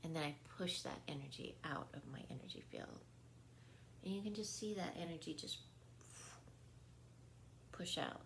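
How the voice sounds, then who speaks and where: A woman's voice: low voice, moderate pace, gravelly, long pauses, fairly bright tone, a little hiss or hum. A woman speaking as a wellness coach in an earnest, casual spiritual talk, often checking in with her listeners and laughing easily. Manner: earnest, repetitive, checks in with "right?".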